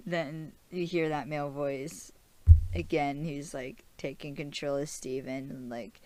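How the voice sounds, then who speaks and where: A woman's voice: low voice, steady tone, takes it slowly, long pauses, a little mellow. A young woman hosting a podcast and recapping a TV episode in a rambling, casual chat full of fillers and laughs. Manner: chatty and rambling, with many fillers and frequent laughs. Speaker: podcast host.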